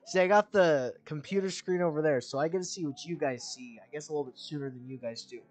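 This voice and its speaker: A young man chatting through a game stream in a rambling, candid way, full of fillers. His voice sits slightly high, and soft music plays faintly behind him. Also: fast talker. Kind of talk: casual gameplay commentary.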